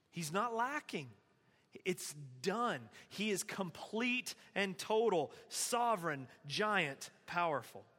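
Male preacher, high bright voice, casual animated sermon delivery. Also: big-room sound. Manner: conversational, animated preaching with scripture reading. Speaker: pastor.

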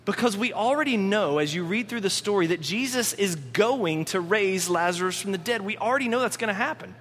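A man delivers a lively sermon, his voice pitched high and bright. He slips in and out of quoted voices as he talks. The sound carries a long reverb from a large church hall. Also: brisk. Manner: animated, acts out quoted voices. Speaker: pastor.

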